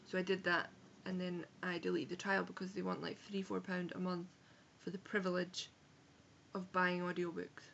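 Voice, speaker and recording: A Scottish book vlogger, young and with an Edinburgh accent, talks frankly at normal speed in a low-ish, fairly bright voice with vocal fry and flat delivery. She swears and corrects herself during the casual review. The audio is dull with slight background noise, recorded in a home room on a rainy day.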